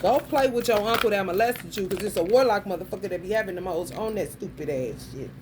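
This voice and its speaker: A woman's voice: medium pitch, quick pace, background noise. A woman vlogger delivering a blunt, crude rant full of swearing and street slang. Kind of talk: profane stream-of-consciousness rant.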